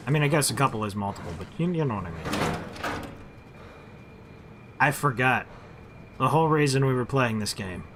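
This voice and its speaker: A man giving jokey, rambling commentary while playing a video game. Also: mid-range voice. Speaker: gaming host. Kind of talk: casual let's-play commentary. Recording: game noise behind his mic.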